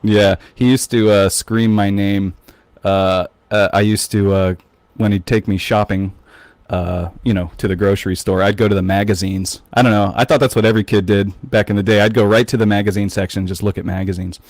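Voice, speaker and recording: An American man co-hosting a podcast, chatting casually and telling animated stories. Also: on the low side, a little fast, dry recording. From United States. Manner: animated storyteller, mimics voices loudly. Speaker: podcast co-host. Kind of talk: casual chat.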